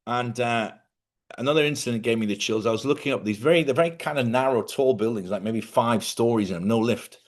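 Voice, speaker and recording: Chatty rambling man hosting a spiritual talk. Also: medium pitch. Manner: chatty, rambling, self-correcting, laughs often. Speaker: host. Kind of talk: casual spiritual talk to viewers.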